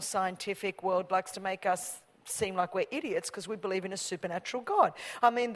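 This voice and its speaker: A middle-aged woman preaching a sermon, joking and storytelling, dropping to a hush and then building up loud. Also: medium pitch, long reverb tail. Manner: animated, humorous storytelling with swings from hushed to loud.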